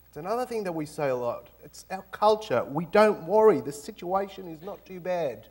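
A man's voice: high-pitched, expressive, normal speed, few pauses, a little mellow, husky. An Australian man giving a humorous guest lecture in a university auditorium, acting out little scenes with mock dialogue. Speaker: guest speaker.

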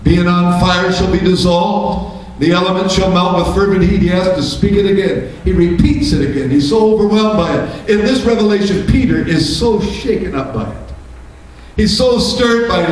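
A man's voice: high-pitched, moderate pace, slight background noise. A male pastor preaching a sermon, asking rhetorical questions and building to fervent emphasis. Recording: echoey church room, mic from a distance.

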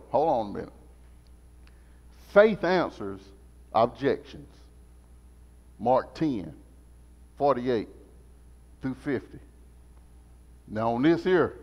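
A man teaching a Sunday school lesson as a sermon, animated and repetitive in a call-and-response style. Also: mid-range voice. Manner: animated, call-and-response preaching, repeats phrases. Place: church sanctuary. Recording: muffled sound in a reverberant church.

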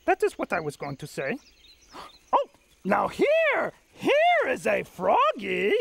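A man's voice: very high-pitched, wildly swooping pitch, unhurried, a bit bright, a little hiss or hum, exaggerated voice. A man playing a furry blue monster who poses as an expert, speaking formally with no contractions and great, bumbling confidence, in a children's puppet show. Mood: pompous. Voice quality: gravelly.

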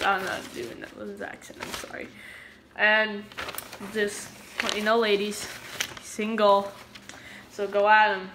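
A woman's voice: on the high side, bright, forceful tone, slight background noise. A woman giving a casual fan presentation as a vlogger, chatty and digressive, stopping often to explain terms. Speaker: vlogger presenting a hockey player.

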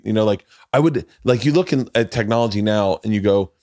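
A man's voice: on the low side, brisk, darkish tone, no room sound, clean studio sound. A man in his forties hosting a podcast, chatting casually, rambling through stories, swearing freely and acting out quotes. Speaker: podcast host. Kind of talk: casual chat.

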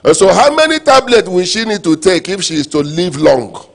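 Preaching pastor with emphatic loud bursts. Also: male voice, high-pitched, expressive, normal speed, gravelly. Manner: preaching with call-and-response phrases and sudden loud emphatic bursts. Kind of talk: sermon.

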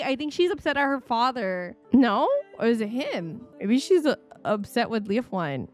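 A woman hosting a gaming video, chatting casually and reacting out loud to what happens on screen. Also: fairly high pitch, lively intonation, a little slow, few pauses, faint music behind. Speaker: gaming channel host. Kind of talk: casual let's-play commentary. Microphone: desk microphone.

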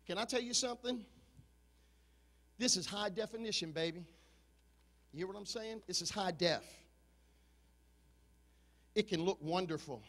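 A pastor in his fifties with a very high voice preaches a passionate sermon, swinging between shouted peaks and low, confiding asides to his congregation. A long reverb tail follows his voice.

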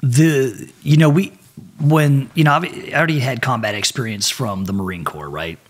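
A husky-voiced middle-aged man spins a profane, animated war story, jumping into quoted voices as he goes. He sounds like a podcast guest talking casually. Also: mid-range voice, moderate pace. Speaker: podcast guest, former Marine and SEAL.

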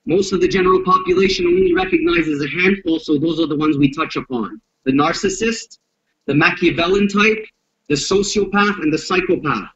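Blunt, profane man with a gravelly voice. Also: high-pitched, moderate pace. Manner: blunt, profane and animated, acts out confrontations. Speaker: self-defense instructor and guest. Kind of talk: interview talk explaining violence. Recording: dull lo-fi audio.

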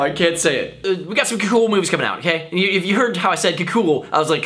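A man's voice: a little high, lively intonation, quick pace, pushed and bright, a little hiss or hum. A young man who vlogs, rambling goofily and tripping over his own words in casual bloopers. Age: young adult. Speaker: YouTuber.

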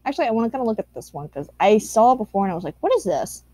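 A woman talks over fan art in an unhurried, gushing way, cooing often and swearing now and then. Her voice is mellow and a little high. It sounds close and dry, with little room around it. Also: big pitch swings, no echo. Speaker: YouTuber reacting to fan art. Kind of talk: casual commentary.

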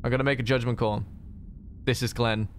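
A man streaming a game, chatting with friends in quick, sarcastic banter. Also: medium pitch, flat delivery, slight background noise. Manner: sarcastic, fast-talking banter. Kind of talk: casual gaming chat.

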